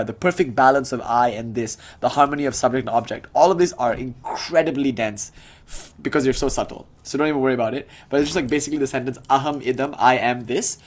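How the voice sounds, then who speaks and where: A young man teaching a spiritual tradition in a relaxed, conversational lecture, reciting terms from a classical language as he explains them. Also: medium pitch.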